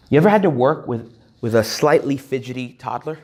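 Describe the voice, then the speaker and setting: Talking fast in a medium-pitched voice, a retreat speaker jokes his way through a humorous talk to young adults. He's animated and acts out little quoted voices.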